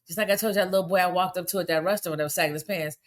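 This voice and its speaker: This middle-aged woman, a commentary vlogger, offers plain-spoken, preachy, indignant remarks in a casual style, with her voice spiking high when exasperated. She talks rapid-fire with fairly even intonation.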